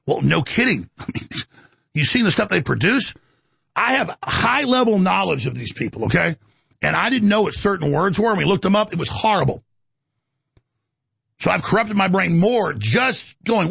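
Male talk host, gravelly and husky, fairly high, rambling rant, dry studio sound. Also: moderate pace, no echo. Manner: rambling, animated, indignant. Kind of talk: ranting monologue.

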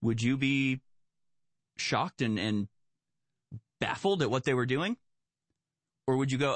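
Male commentator, sarcastic and animated, dry close-mic sound. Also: medium pitch, unhurried, pauses often, dry recording. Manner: sarcastic, animated, spins mocking hypotheticals. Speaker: political commentator. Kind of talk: solo political commentary, reading news aloud.

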